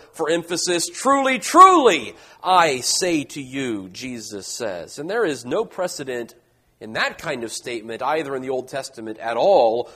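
A man preaching a Bible teaching, emphatic, rising loud on key points and falling low and quiet at the ends of phrases. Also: breathy edge. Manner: emphatic, swelling louder on key points then dropping low.

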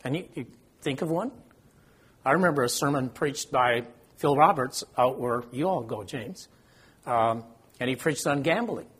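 With a mid-range, somewhat bright voice that carries slight roughness, an older man speaks at normal speed. He's guiding an informal Bible study, asking the group questions and making light of his own forgetfulness.

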